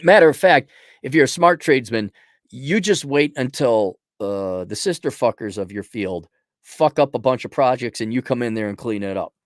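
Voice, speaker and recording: A man's voice: medium pitch, expressive, moderate pace, dry recording, clean studio sound. A man hosting a show, giving blunt, crude, sarcastic advice in a casual rant to a viewer. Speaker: host answering a viewer question.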